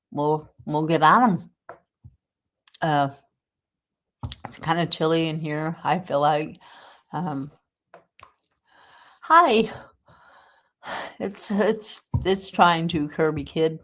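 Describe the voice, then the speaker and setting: Southern woman w a cold, stuffy, low voice, rambling livestream chat at home. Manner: chatty, rambling, lots of ums. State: congested with a cold. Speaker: livestream host. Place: indoors at home.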